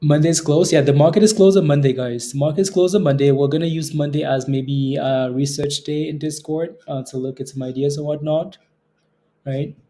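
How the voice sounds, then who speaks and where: A man from Canada hosting a day trading livestream, casually reading out viewer comments, relaxed and given to repeating himself and laughing. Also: a little high, brisk.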